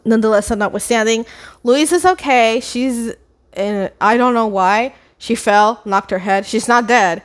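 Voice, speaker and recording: A woman rambling through the plot of a classic novel, animated and chatty. Her voice sits a little higher than average. She tosses in dry, sarcastic asides along the way. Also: unhurried. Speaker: book vlogger. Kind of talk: casual, rambling plot retelling.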